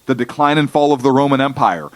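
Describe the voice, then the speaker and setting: A talk radio co-host making his case with heavy, deliberate emphasis. He stumbles and restarts, then presses on. The studio sound is dry and close, and his pitch sits mid-range. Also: expressive, dry recording. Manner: emphatic, stumbling restarts, lectures slowly on principles. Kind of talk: political talk radio discussion. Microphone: studio microphone.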